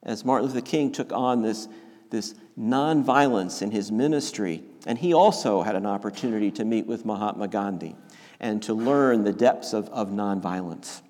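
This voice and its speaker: A man preaching a sermon, slow and emphatic, often restarting his phrases. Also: fairly low pitch, a little mellow. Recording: long reverb of a large hall.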